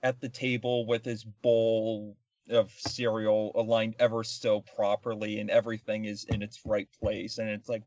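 A man's voice: lowish voice, little pitch movement, a little slow, a little mellow, dry recording, dull audio. A man co-hosting a casual comedic film review podcast, rambling and sarcastic with lots of fillers. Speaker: podcast co-host.

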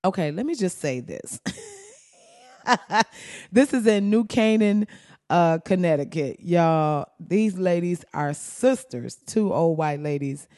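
A woman's voice: on the low side, slow pace, dry recording, studio quality. Brash, profane woman podcast host. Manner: profane, animated storytelling with mimicry. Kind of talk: casual commentary.

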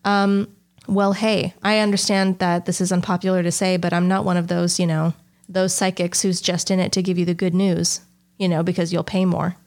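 A woman quoting a calm, earnest female psychic while retelling an anecdote in her own voice. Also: on the low side, normal speed, lightly acted. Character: matter-of-fact female fortune-teller delivering bad news. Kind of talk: quoted in an anecdote.

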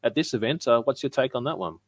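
A man co-hosting a casual live-stream podcast chats easily and laughs often as he moves from topic to topic. His voice sits in an ordinary middle pitch and is captured close and dry, with almost no room sound. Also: lively intonation, fast talker, no room sound. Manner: chatty, laughs often, reads viewer comments aloud. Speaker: podcast co-host.

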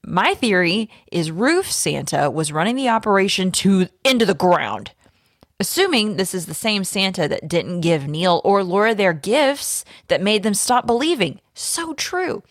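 A woman podcast host reading a fan theory aloud, with lively storytelling emphasis. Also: mid-range voice, normal speed, no echo, studio quality.

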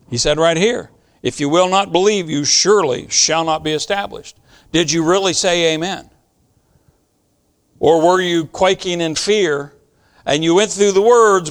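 A man with a high voice preaching from the pulpit. He talks earnestly and with emphasis, dropping to a hush and then rising again as he drives home his point. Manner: earnest, emphatic storytelling with sudden soft and loud swings. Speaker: pastor. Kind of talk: sermon.

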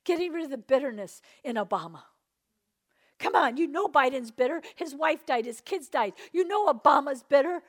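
With a high voice, a woman preaches a charismatic sermon, testifying passionately and swinging between hushed tones and loud outbursts.

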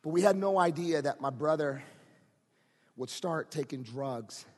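A pastor preaching a sermon, moving from quiet talk to shouted, rising preaching. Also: male voice, fairly high pitch, expressive, unhurried, in a large hall.

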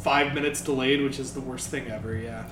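A man's voice: mid-range voice, brisk, reverberant, noisy background. A man co-hosting a podcast in casual, jokey banter. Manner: animated, jokey. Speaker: podcast co-host.

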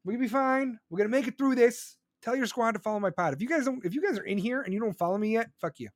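Male podcast host, high voice, rambling profane rant, dry close mic. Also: animated, rapid-fire, no echo. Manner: loud, profane and rambling, with sudden pitch jumps. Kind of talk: live podcast venting monologue. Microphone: close studio microphone.

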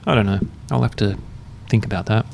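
A man hosting a podcast, chatting in a relaxed, rambling, self-mocking way while drinking beer. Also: lowish voice, brisk, creaky, a little hiss or hum. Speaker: podcast host. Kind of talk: casual chat. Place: university room, drinking beer.

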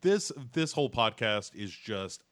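A man's voice: on the low side, very animated, measured pace, a bit bright, clear, resonant tone, dry recording. A man co-hosting a podcast in casual chat, joking and rambling through recaps with lots of fillers. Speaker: podcast co-host.

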